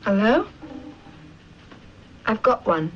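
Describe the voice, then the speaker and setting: A woman's voice: medium pitch, very animated, slow pace. An actress playing a posh, prim female receptionist with a posh English accent, in a clip from an old film. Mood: brisk, prim. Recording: dull old film soundtrack with faint hiss.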